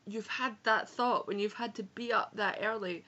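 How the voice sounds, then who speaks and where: A young Scottish book vlogger with an Edinburgh accent chats frankly through a casual review from a home room on a rainy day, swearing and correcting herself. Her medium-pitched voice is steady, bright, and forceful at normal speed, on a lo-fi recording.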